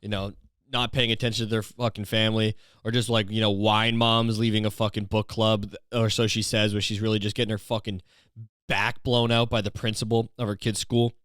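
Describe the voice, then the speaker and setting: A young man from Canada hosting a podcast, rambling through a crude comedic monologue full of filler phrases and deadpan dark jokes. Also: on the low side, brisk, clear, resonant tone, no room sound, clean studio sound. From Ontario, Canada. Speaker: podcast host.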